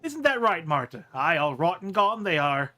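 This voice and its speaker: A man's voice: on the high side, sing-song, normal speed, pushed and bright. A man voicing a sour old woman who picks at corpses and talks to herself in a sing-song voice. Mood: scolding. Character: muttering old female corpse-picker, sour and odd.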